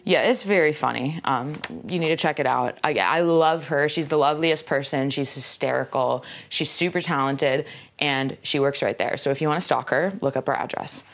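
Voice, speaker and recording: A woman's voice: deep voice, moderate pace. A woman chatting casually through an unboxing, rambling with lots of filler words and self-mocking jokes. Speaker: magazine staffer presenting an unboxing.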